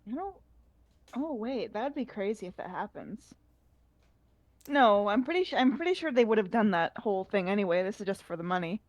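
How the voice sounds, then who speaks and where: Relaxed woman, dry close sound. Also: mid-range voice, moderate pace, no room sound. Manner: relaxed, brief reactions and soft agreeing. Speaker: podcast co-host. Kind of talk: casual chat reviewing a TV episode.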